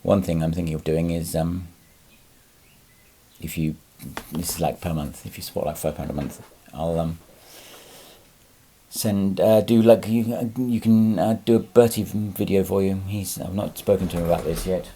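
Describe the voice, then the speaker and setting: Husky-voiced, low man ranting in a vlog. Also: normal speed, warm tone. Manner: rambling, frequent fillers and restarts, swears when angry. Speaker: lorry driver vlogger. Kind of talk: casual vlog monologue.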